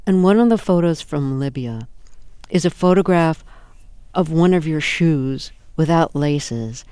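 Woman radio host asking calm questions. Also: low-pitched, a little slow, clean tone, no room sound. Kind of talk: radio interview.

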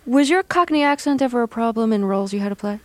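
A woman hosting a radio interview, introducing her guest and asking questions in a measured way. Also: fairly high pitch, no room sound. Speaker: interviewer host.

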